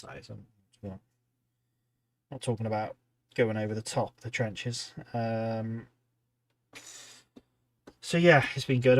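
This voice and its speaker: Tired, rambling man. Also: mid-range voice. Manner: rambling, chatty, many ums and restarts, reading out chat. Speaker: hobby livestream host. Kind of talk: casual livestream chat while painting miniatures.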